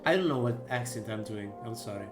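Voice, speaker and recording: A man's voice: on the low side, lively intonation, fairly quick, over music. A man playing a horror game, muttering casual asides and joking at himself. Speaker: gaming streamer. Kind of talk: let's-play commentary.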